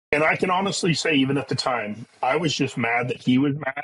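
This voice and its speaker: Middle-aged male guest, husky voice, blunt and earnest storyteller with a few swear words. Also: medium pitch, brisk, hardly any pauses, a bit bright, poor audio. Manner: blunt and earnest, with casual profanity. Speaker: podcast guest. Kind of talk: candid personal storytelling.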